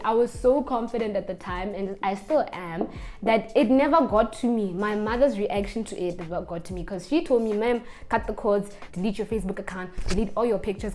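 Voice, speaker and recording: A young woman, telling a casual storytime vlog in an animated way. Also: mid-range voice. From Botswana. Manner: animated storyteller, acts out the people she quotes. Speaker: vlogger.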